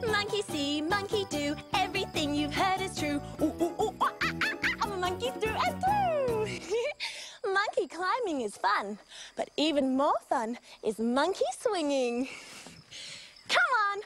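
A woman's voice: extremely high pitch, very animated, a little slow, heavily acted. A woman singing as a playful cheeky monkey in a children's song, with bouncy monkey hoots. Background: loud children's music.

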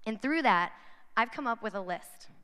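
A woman's voice: on the high side, lively intonation, moderate pace, pushed and bright, clear, resonant tone. Chatty woman speaking in a big echoing hall. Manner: chatty, addresses the crowd directly with frequent "right?". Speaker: conference speaker. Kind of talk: inspirational talk to young women. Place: large conference hall. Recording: long hall reverb from a large venue.

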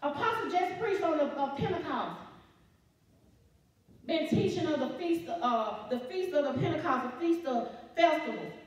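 A woman's voice: high-pitched, animated, normal speed, a little hiss or hum. A woman church elder preaching a sermon. She repeats her phrases and asks the congregation questions. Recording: very echoey church hall, distant mic, dull sound.

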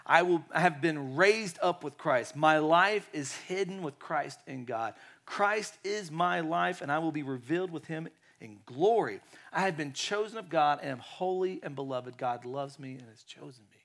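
A man preaching a sermon in a lively way, acting out quotes and dropping to quiet tones. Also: a little high, moderate pace. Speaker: pastor.

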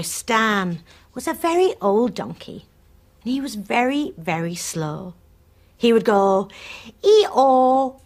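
A woman telling a story to young children on a preschool show, in a sing-song voice that coaxes them to join in. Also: mid-range voice.

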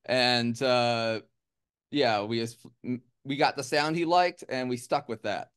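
A man's voice: medium pitch, unhurried, a bit bright, smooth. A man from the United States, a musician guest, chatting casually in an interview with a rambling, joking, self-deprecating manner.

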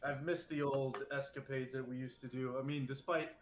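A man's voice: medium pitch, fairly even intonation, normal speed. Hesitant man in an echoey room. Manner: hesitant, friendly, many fillers. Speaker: player. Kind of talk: in-character tabletop play. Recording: echoey room with faint noise.

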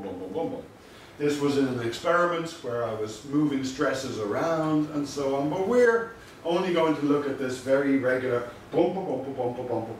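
A man's voice: mid-range voice, a little hiss or hum. Man lecturing in a very echoey room. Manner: measured, explanatory, dry asides. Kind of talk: university lecture. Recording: very echoey room, mic far off.

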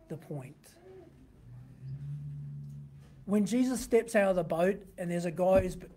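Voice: mid-range voice, mellow. A pastor giving a sermon, teaching conversationally from a printed text and often asking the listeners rhetorical questions.

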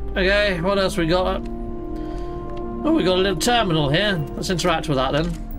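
A gaming channel host with a high, slightly bright voice chats playfully through a let's play, looting and fighting while tossing out exclamations and mild mock swearing.

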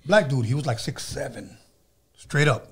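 A man's voice: mid-range voice, animated, normal speed, background noise. A man hosting a podcast, telling a story in a blunt, profane, playful way. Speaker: podcast host. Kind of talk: casual chat.

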